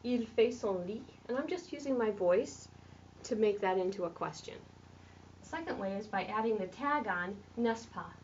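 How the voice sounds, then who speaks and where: A woman's voice: medium pitch, animated, moderate pace, a little hiss or hum. A woman French teacher who explains questions step by step while writing on a board in a classroom. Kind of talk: classroom grammar lesson. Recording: distant lo-fi classroom recording.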